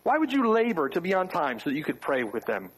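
A man's voice: fairly high pitch, wildly swooping pitch, fast talker, fairly bright tone, slightly rough, rough recording. A man preaching a sermon to his congregation, firing off rhetorical questions with wry asides. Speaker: pastor. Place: church.

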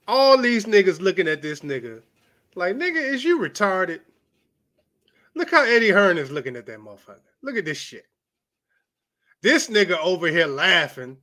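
A man's voice: a little high, sharp tone. A man hosting a boxing commentary vlog, talking bluntly and profanely in a heated rant.

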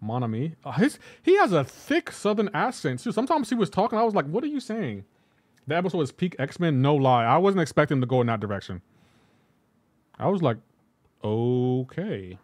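A man's voice: on the high side, very animated, brisk, darkish tone, dry recording. A man live-streaming a game, chatting loosely with his viewers and filling his talk with "like". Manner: loose, chatty, talks back to viewers, lots of "like". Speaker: gaming livestreamer. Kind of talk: casual live-stream chat while playing.

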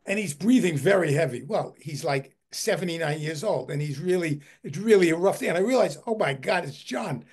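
Husky man, slightly high voice, animated storyteller on a video call. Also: a little fast, hardly any pauses. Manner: animated, repeats words while telling a story. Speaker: historical society head giving a book talk. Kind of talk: anecdotal storytelling talk.

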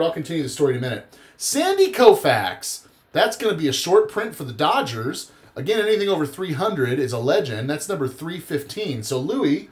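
A man hosting a live card-break stream, chatting casually and wandering into stories. His voice sits a little high for a man and swings up and down with animated energy. He sounds worn out after a long day. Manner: chatty, rambling storyteller.

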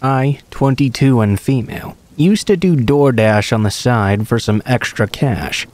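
A man reading true horror stories aloud in a calm, even storytelling manner. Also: mid-range voice, unhurried. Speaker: narrator. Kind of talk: scripted narration of horror stories.

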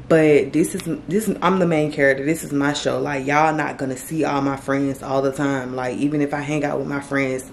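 Low-voiced grieving woman vlogger. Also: slight background noise. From Florida, US. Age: late 20s. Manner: emotional, halting, many fillers and restarts. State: grieving, tearful. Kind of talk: tearful direct-to-camera vlog talk. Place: indoors, on her bed.

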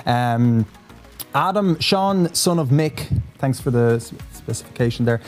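A man's voice: medium pitch, animated, measured pace, darkish tone, soft background music. A man hosting a live interview, rambling and jokey. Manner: rambling, jokey, many fillers. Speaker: host. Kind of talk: casual live-stream interview chat.

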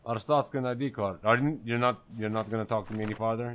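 A man hosting a gaming channel, giving excitable let's play commentary, rambling to himself and swearing when he makes mistakes. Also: medium pitch, fast talker, few pauses.

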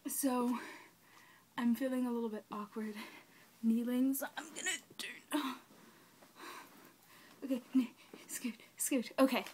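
Young woman gushing over a doll on camera, kinda high voice, faint hiss behind. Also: a little slow, long pauses. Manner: gushing, excitable, talks to the doll. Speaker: doll collector vlogger. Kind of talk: casual unboxing chat. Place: room at home, kneeling on the floor. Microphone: camera mic.

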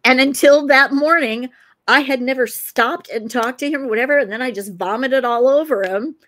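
An older woman from Iowa with a fairly high voice tells a story on a talk show. She is animated, acts out the dialogue and laughs often. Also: moderate pace. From Iowa, USA. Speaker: guest, author and crime investigator.

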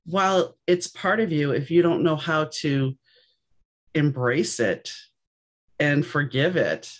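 A woman's voice: low voice, a little slow. A woman from New Orleans with a New Orleans accent, hosting a podcast and chatting casually, telling stories and acting out what people said. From New Orleans, USA. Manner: animated storyteller, acts out quoted voices. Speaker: podcast host. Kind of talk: casual conversation.

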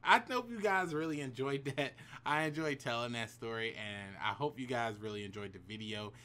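A man's voice: medium pitch, lively intonation, normal speed, bright, forceful tone. A man telling a personal story to camera in a casual vlog, slangy and profane, with hype-man asides to the viewers. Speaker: YouTube storyteller.

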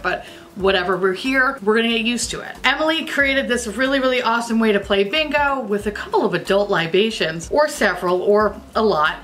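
A tipsy woman vlogger chatting with a bright, ringing voice that swoops all over. She rambles playfully, giggles often and swears without a second thought. Her tone stays loose and cheerful throughout. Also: fairly high pitch. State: tipsy from drinking. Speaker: beauty vlogger host. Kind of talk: casual chatty vlog.

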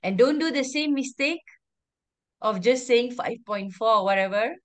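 Woman teacher, online class on a video call, firm and repetitive, slightly high voice. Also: normal speed. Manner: firm, repeats instructions, calls on pupils by name. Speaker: primary school teacher.

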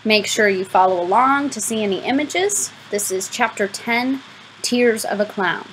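A woman reading a novel aloud as an audiobook, giving the first-person narration a lively, expressive delivery. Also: mid-range voice, moderate pace, a little hiss or hum, low-quality recording. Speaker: audiobook reader.

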